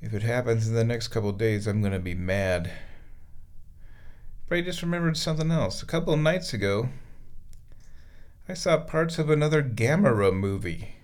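A man's voice: medium pitch, expressive, moderate pace, long pauses. A man chatting casually in a bathroom while sitting in a bathtub, talking playfully to his cat and rambling about whatever crosses his mind.

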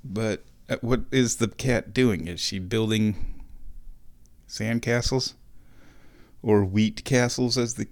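A man's voice: on the low side, steady tone, slow, long pauses. A man hosting a casual solo show at home, chatty and playful, wandering the house and talking to his cat. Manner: playful, chatty, talks to his cat in a sing-song baby voice. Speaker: podcast host. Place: at home, walking around the house.

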